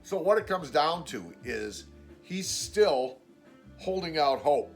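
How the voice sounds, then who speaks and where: Over soft background music, a male vlogger tells a story in a casual vlog, speaking expressively and slowly. He's blunt and exasperated, swears freely, and acts out what other people said by raising his pitch.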